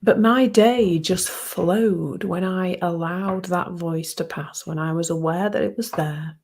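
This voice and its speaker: A woman speaks in a low, gravelly voice with a husky edge. She talks softly and thoughtfully about her own experience, often sinking to a near-whisper. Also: a little slow. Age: 50s. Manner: soft-spoken and reflective, often dropping to a hushed near-whisper. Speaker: speaker sharing a personal reflection. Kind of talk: personal reflective talk.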